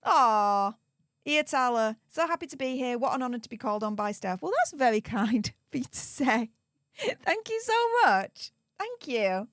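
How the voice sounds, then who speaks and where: An animated, slightly bright voice on the high side belongs to a British woman reading a book to her live-stream audience at a moderate pace. Worn down by hours of streaming, she chats casually and drops sarcastic comments. The dry recording has clean studio sound.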